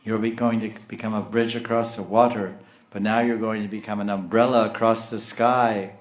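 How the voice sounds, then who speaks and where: Man doing a big voice from the heavens, reassuring and commanding, low, echoey. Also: level tone, moderate pace, natural voice. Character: booming divine male voice from the sky.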